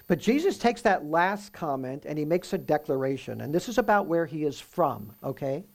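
A man preaching through a Bible passage in a conversational way, often checking in with "right?" and reading the verses slowly with emphasis. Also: on the high side, expressive. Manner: reads scripture aloud slowly and with emphasis. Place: room with a live audience.

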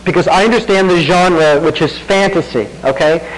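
Sounding like he's chatting with the congregation, a middle-aged male pastor asks rhetorical questions and sometimes laughs at himself. His voice is a little high and moves at a moderate pace, on a rough recording.

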